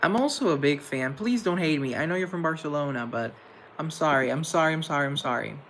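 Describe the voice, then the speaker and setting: A man's voice: on the high side, fast, a bit bright, a little hiss or hum, low-quality recording. A young man hosting a live stream, casually chatting with viewers and answering their comments in a playful, campy way. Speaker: livestream host.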